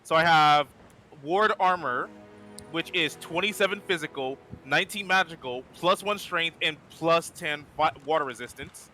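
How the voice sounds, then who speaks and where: A man chatting casually while playing a game with friends, taking charge of who gets which armor. His voice is bright and a touch high, and he stumbles and restarts as he lists numbers. Game music sits faintly behind him. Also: moderate pace. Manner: organizing, auctioning items, lists numbers with restarts. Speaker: game streamer, player. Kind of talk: casual gaming chat.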